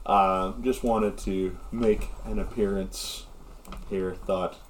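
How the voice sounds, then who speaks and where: A smug red-bearded dwarf leader in a tabletop game brushes everyone off, as a man puts him on. The voice sits low and offhand, with a dismissive tone. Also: steady tone, slow pace, a little hiss or hum.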